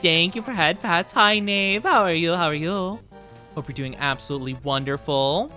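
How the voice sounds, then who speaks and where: At a desk microphone, a streamer offers casual, chatty commentary while gaming, often giggling and greeting chat. The voice has a medium pitch, a moderate pace, and a sharp tone, with faint music in the background.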